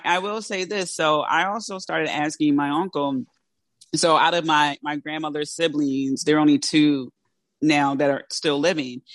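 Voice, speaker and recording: A woman's voice: deep voice, fairly bright tone, no room sound. A woman from South Philadelphia with a South Philly accent, hosting a casual interview, chatty and laughing often, her speech slightly impeded by teeth brackets. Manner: giggly, chatty, lots of laughter. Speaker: podcast host.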